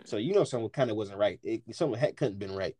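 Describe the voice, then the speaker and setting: A man co-hosting a casual podcast, reading a news article aloud in a halting way full of filler words. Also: fairly low pitch, lively intonation, mellow, no echo.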